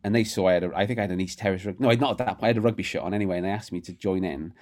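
Brief: male interview guest, low voice, rattles through stories at speed. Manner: rapid, animated anecdotes with frequent restarts. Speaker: guest, rugby writer. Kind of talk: casual storytelling interview.

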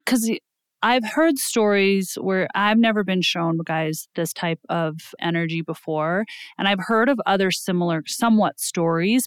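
A woman hosts a relaxed interview, her voice smooth and clear. The sound is dry and close, with no room around it. She speaks eagerly and often turns to address the audience directly. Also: mid-range voice, no echo. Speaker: podcast host. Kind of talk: casual interview chat.

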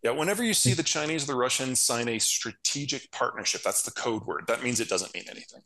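A man's voice: mid-range voice, expressive, quick pace, pushed and bright, rough recording. A man, a geopolitical strategist being interviewed, explaining world affairs in a blunt, emphatic, matter-of-fact way. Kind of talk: casual analytical interview talk.

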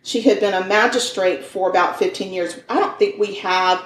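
A woman's voice: medium pitch, moderate pace, reverberant, recorded from a distance, slight background noise, rough recording. A woman hosting a podcast, telling a true crime case in a conversational way, with fillers and self-corrections. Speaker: podcast host. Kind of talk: true crime storytelling chat.

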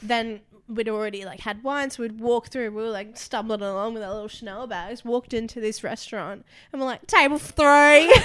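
A young woman adding her side of shared stories in a relaxed podcast chat. Her voice sits a bit high, and she laughs along as she talks. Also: a little fast, hardly any pauses, clear, resonant tone. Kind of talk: casual chat.

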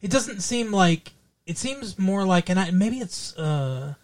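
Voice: mid-range voice, lively intonation, measured pace. Rambling podcast co-host, casual chat. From Michigan. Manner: rambling, lots of restarts and fillers. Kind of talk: casual chat about a movie.

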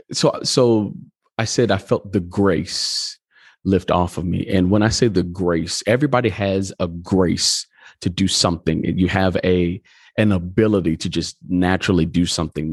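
A man's voice: deep voice, breathy edge, no room sound, studio quality. A pastor telling his story in a conversational interview, acting out the dialogue as he goes. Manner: animated storyteller, acts out dialogue.

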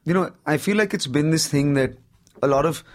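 A man with an Indian accent, a stand-up comedian in his thirties, chatting in an interview and telling animated stories, often saying "you know". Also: fairly high pitch, a little fast. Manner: lively storyteller, peppers speech with "you know". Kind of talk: casual interview conversation.

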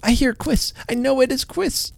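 A man's voice: very high-pitched, moderate pace, vocal fry, pitched above the performer's own voice. A man voicing an eager small boy who lisps in a storybook reading. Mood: excited. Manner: lisping, excited, breathless.

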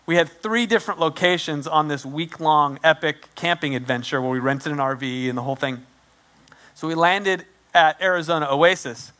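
A pastor in his forties tells a story from the pulpit, lively and self-deprecating, slipping into the voices of the people he quotes. His voice sits high for a man and sounds bright and clear. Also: moderate pace. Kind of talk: storytelling sermon.

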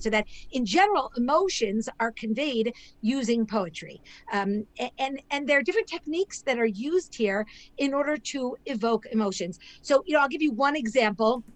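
A woman's voice: on the high side, poor audio. A woman scholar and author, a guest on a podcast interview, explaining in a lecturing way and often checking in with "right?". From not Israel; immigrated there.

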